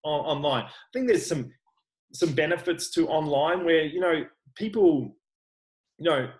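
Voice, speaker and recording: A man's voice: a little high, expressive, unhurried, darkish tone, rough recording. An Australian man, a personal trainer, talking frankly and earnestly in a casual interview, often restarting his sentences. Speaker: online personal trainer, guest.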